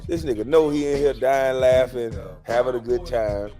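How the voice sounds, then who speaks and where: A man's voice: medium pitch, steady tone, normal speed, mellow. A man hosting a casual comedic livestream, rambling with lots of fillers and frequent laughter. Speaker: livestream host. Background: faint music in the background.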